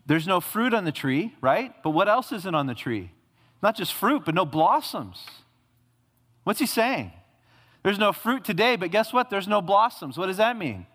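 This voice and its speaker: A man preaching a sermon as a pastor, swinging from loud, high emphatic peaks down to low, hushed lines, with casual asides that act out quoted voices. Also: very animated, moderate pace. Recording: reverberant hall.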